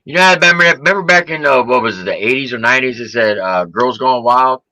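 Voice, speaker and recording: A man's voice: mid-range voice, fast talker, no room sound, rough recording. A man co-hosting a casual chat, telling stories with energy and mimicking friends. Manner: animated storyteller, mimics friends' voices. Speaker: co-host.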